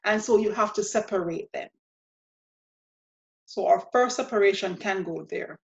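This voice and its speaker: A woman teaching a language lesson, explaining rules step by step in a patient, methodical way and repeating example words slowly. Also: mid-range voice, gravelly. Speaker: Spanish teacher. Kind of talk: spoken grammar lesson. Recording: dull lo-fi sound.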